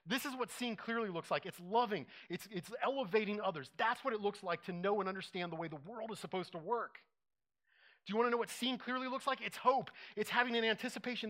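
A man preaching a sermon, conversational and animated, acting out little quotes as he teaches. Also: high voice. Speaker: pastor.

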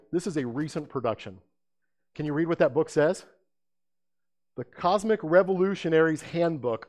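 Man giving a lively sermon-style talk. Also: a little high. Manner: lively, conversational, asks the audience questions. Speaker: speaker presenting apologetics.

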